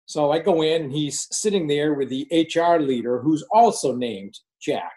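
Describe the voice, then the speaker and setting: A man's voice: on the high side, moderate pace. A man in his sixties, a former finance manager, telling a casual story and acting out the dialogue with animation. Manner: animated, acts out quoted dialogue. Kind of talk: casual spoken anecdote.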